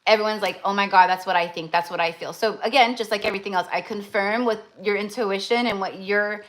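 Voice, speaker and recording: A woman's voice: medium pitch, fairly even intonation, fast talker, fairly bright tone. Young woman, tarot reader, live-stream reading, gushing, lots of filler words. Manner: gushing, effusive, many fillers and restarts.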